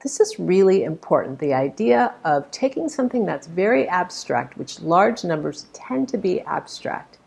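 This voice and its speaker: A woman's voice: fairly low pitch, sing-song, normal speed, vocal fry, few pauses, a little mellow, husky. A woman speech coach critiquing a talk, explaining points in an emphatic, demonstrative way. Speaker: public speaking coach.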